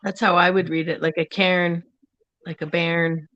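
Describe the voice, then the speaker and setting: A woman's voice: on the low side, flat delivery, a little slow, a bit bright, highs cut off. A woman joining a casual livestream discussion as a panel guest, rambling and searching for words mid-thought.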